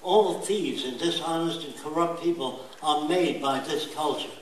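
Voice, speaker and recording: Older man, emphatic lecturer, slightly high voice, recorded from afar in a very echoey room. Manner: blunt, emphatic, mimics accents in quick asides. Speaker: speaker giving a talk. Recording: very echoey room, voice from far off, faint hiss.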